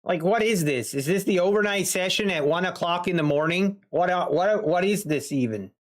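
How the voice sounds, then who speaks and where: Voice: mid-range voice, normal speed. A day trader talking to a live-stream chat, muttering exasperated complaints and playful teasing.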